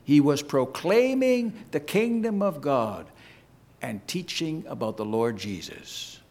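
A man preaching a sermon to his congregation, with an emphatic, deliberate cadence. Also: sing-song, a little mellow. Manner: emphatic, slow preaching cadence with sweeping pitch. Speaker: pastor.

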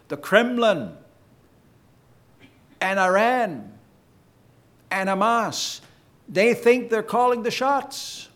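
Delivering a sermon to his congregation, a male pastor speaks with emphasis and deliberation, using a slow preaching rhythm and broad swings in pitch.

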